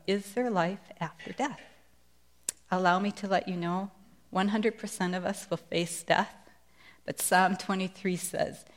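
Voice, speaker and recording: A middle-aged woman sharing a Christian testimony in a sermon, speaking with earnest, emphatic conviction. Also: medium pitch. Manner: earnest, emphatic preaching delivery.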